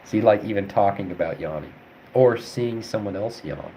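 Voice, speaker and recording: A young man with a very low, deep voice talks casually as he studies, thinking out loud and wandering through his points with lots of ums and likes. A faint hiss of noise sits under the voice. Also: normal speed, low-quality recording. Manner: rambling, thinks aloud with many fillers. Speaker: veterinary student streamer. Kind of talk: casual study livestream, answering chat.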